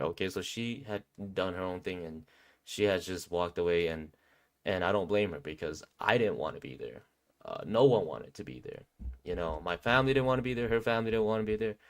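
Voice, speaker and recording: Young guy ranting through a story, lowish voice, keeps saying right? okay?. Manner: animated, conversational, repeats "right?" and "okay?". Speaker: streamer telling a story. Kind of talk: casual storytelling.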